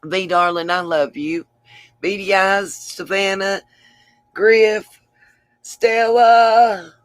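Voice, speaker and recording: A woman's voice: mid-range voice, steady tone, slow, no room sound. Tired, chatty woman streamer. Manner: chatty, affectionate, calls viewers darling, laughs a lot. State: tired after a long stream. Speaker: livestream host. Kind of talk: casual livestream sign-off chat.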